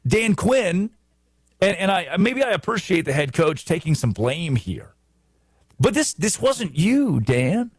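A man hosting a sports talk show, giving animated commentary with emphatic restarts and repetition. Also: high-pitched, unhurried, breathy edge, no echo.

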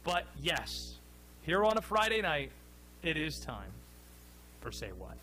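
A man hosting a sports radio show, playful and animated with jokey asides. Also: fairly high pitch, slow, a little hiss or hum. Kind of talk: casual sports talk.

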